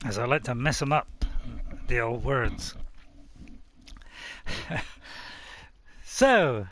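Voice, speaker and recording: A UK gaming streamer live-streams a game from a room at home, sitting close to his desk mic. His voice is on the high side and a bit bright, and he chats casually, rambling with little chuckles.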